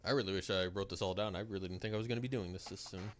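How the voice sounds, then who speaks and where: A man's voice: low-pitched, steady tone, rapid-fire, a crowd in the background. A man playing a tabletop game with friends, chatting casually with playful, laughing quips. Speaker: player. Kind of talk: casual chat among friends.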